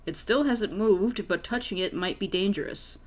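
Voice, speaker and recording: A woman's voice: mid-range voice, normal speed, a little mellow. Woman reading an adventure book aloud. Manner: playful, laughing, swears casually. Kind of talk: reading a story aloud to players.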